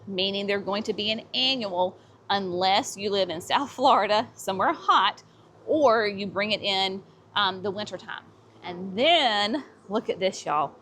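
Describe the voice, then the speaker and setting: A woman hosts a casual garden center tour, chatty and eager as she shows off new plants. Her voice sits at a middle pitch. A light outdoor hum runs underneath. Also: a bit bright. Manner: chatty and enthusiastic, says y'all often. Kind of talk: casual walk-through plant showcase.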